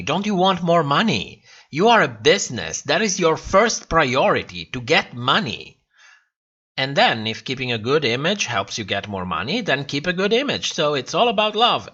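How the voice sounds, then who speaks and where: A man's voice: medium pitch, pushed and bright. A man hosting a casual livestream, reading viewer comments aloud, laughing often and swearing freely when he rants. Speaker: livestream host. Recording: dull lo-fi stream audio.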